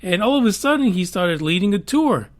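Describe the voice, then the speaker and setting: A man's voice: high voice, lively intonation, fairly quick. A man hosting a solo podcast, talking casually with wry asides and lots of fillers. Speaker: podcast host.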